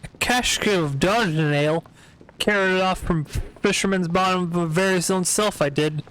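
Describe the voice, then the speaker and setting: A man voicing a drunken, gruff male pirate sailor with slurred, old-timey seafaring speech. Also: sits high, normal speed, a bit bright, voice pushed up. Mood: boisterous.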